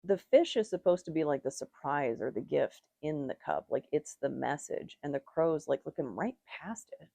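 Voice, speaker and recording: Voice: medium pitch, animated, normal speed, vocal fry, hardly any pauses, mellow, no room sound. A tarot reader giving a casual, rambling reading, with strong opinions and lots of "like" fillers.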